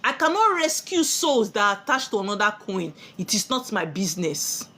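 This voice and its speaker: A woman's voice: medium pitch, lively intonation, moderate pace, fairly bright tone, a little hiss or hum. A woman with a Nigerian accent giving a spiritual sermon, preachy and full of rhetorical questions she answers herself. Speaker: spiritual teacher.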